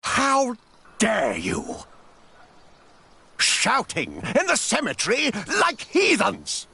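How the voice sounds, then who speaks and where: An actor playing a stern, indignant male sub-prior of a priory in a game, with a gravelly, breathy scolding voice. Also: very high-pitched, huge pitch swings, slow pace, sharp tone, full character voice. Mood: outraged. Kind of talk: game voice acting.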